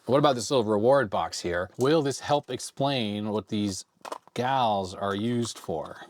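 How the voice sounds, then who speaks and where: A retro computer video host in his forties speaks a little slowly in a lowish voice made slightly hoarse and raspy by a cold. Working at his home workbench for a casual hands-on vlog, he rambles and thinks out loud while handling the hardware.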